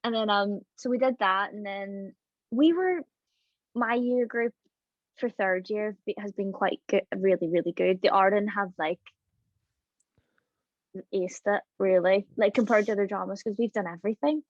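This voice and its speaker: A woman's voice: medium pitch, moderate pace, no echo. A chatty young woman, talking loosely and full of "like". The sound is dull and muffled. The room is dead dry. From Ireland. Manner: chatty, laughs often, lots of "like". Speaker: guest, drama student. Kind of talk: casual interview chat.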